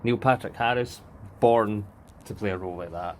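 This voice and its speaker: A man hosting a casual reaction chat outdoors, excitable and joking, with light swearing. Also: on the low side, normal speed, slight background noise. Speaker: channel host reacting to TV episode. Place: outdoors in a remote spot. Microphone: handheld mic held by co-host.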